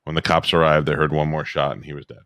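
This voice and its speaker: A man's voice: a bass voice, little pitch movement, quick pace, a bit bright, clean tone, no echo. A man co-hosting a podcast in casual chat, blunt and sardonic, swearing freely. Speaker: podcast co-host.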